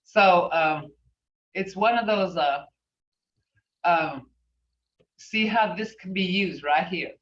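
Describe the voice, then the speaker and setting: Woman language teacher, slow-paced, rambling, distant from the mic, dull recording. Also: on the low side. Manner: rambling, repeats phrases, many fillers. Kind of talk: online class lecture.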